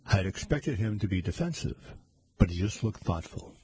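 A man narrating a first-person story aloud, animated and doing voices for the characters. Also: low-pitched, moderate pace, breathy edge, no room sound.

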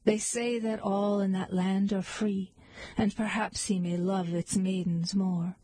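A woman reading poems aloud in a slow, measured, lilting recitation. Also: medium pitch, level tone, dark tone, slight background noise, low-quality recording. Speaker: poetry reader.

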